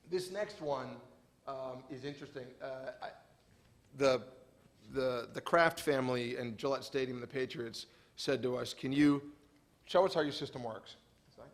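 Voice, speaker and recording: A man giving a conference presentation, telling stories animatedly with frequent restarts. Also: mid-range voice. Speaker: conference speaker. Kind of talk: presentation talk with slides.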